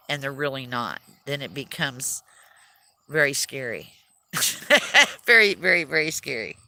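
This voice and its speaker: A livestream host chats casually, laughing often and poking fun at herself as she talks. Her voice sits low with a sharp tone.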